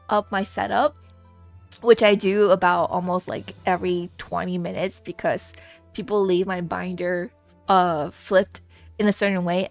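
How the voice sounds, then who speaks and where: A young woman streaming live, telling a story in a lively, chatty way with laughs and swearing. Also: medium pitch. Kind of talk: casual live-stream chat.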